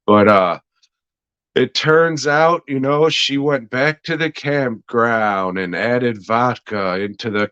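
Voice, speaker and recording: A man's voice: lowish voice, fairly bright tone, no echo, muffled recording. A young man casually reviewing a TV episode, laid-back, meandering and swearing a lot. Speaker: podcast host reviewing a TV episode. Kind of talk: casual, profane review chat.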